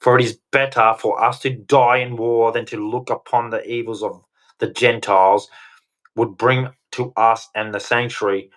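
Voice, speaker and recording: A man's voice: mid-range voice, little pitch movement, moderate pace, fairly bright tone. Blunt, rambling male streamer. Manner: blunt, rambling, mildly crude, self-interrupting. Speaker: live stream host. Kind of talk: casual live stream rant. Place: home studio.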